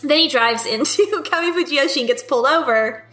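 A woman's voice: high-pitched, brisk, a bit bright, soft background music. A woman co-hosting a casual podcast chat, recapping a video game with loose laughter and swearing. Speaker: podcast co-host.

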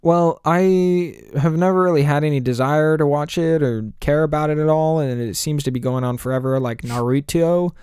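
A man's voice: a little high, normal speed, hardly any pauses, a little mellow, clear, resonant tone, dry recording, studio quality. A man co-hosting a podcast, chatting casually and enthusiastically about video games, rambling and laughing often. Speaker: podcast co-host.

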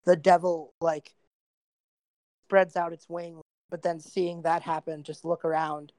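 A woman with a fairly low voice runs a tabletop role-playing session, narrating the action in a relaxed, chatty way. She is a little hoarse, as if her voice is wearing out. The sound is dry and close. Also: a little slow, no echo. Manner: relaxed narration with frequent fillers and laughs. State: losing her voice. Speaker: game master.

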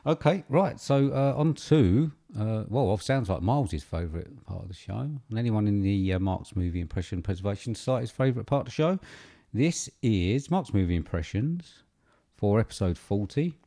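Male host, casual chat, animated lively pitch, warm mellow tone. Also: vocal fry. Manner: upbeat presenter, many quick affirmations. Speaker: podcast host.

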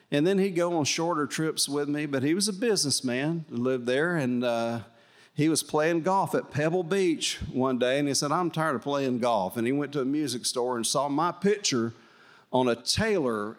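An older man preaching, telling a folksy, emotional testimony with fillers and restarts. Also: mid-range voice. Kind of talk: sermon storytelling.

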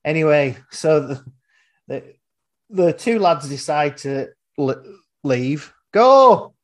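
A man's voice: fairly high pitch, slow pace, darkish tone. Chatty man retelling a film. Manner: rambling, retells scenes. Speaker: podcast host. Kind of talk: casual film chat.

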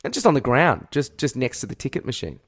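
Animated Australian man telling stories. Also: medium pitch, quick pace. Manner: animated storytelling, acts out shouts, swears freely. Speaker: podcast co-host. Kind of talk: casual comedic chat.

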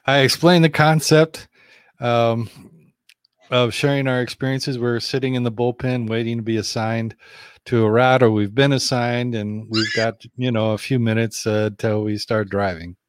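A man's voice: mid-range voice, steady tone, normal speed, clear, resonant tone, dry recording, clean studio sound. A man who drives a bus, co-hosting a casual chat, easygoing and laughing often, with many fillers. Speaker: podcast co-host, bus driver.

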